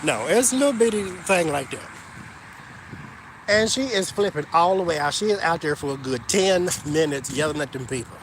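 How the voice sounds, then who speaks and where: A man tells a story to his viewers with gossipy energy and a lot of emphasis. His voice sits a little high and swoops up and down all the time. Faint background noise hums underneath. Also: expressive, normal speed. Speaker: vlogger. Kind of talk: casual storytelling to camera.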